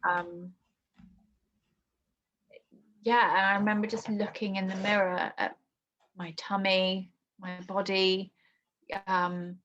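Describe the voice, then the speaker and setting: A young woman telling a painful personal story in conversation, halting and emotional with many restarts. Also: medium pitch, level tone, fairly bright tone, slight background noise. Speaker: guest. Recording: dull lo-fi podcast audio.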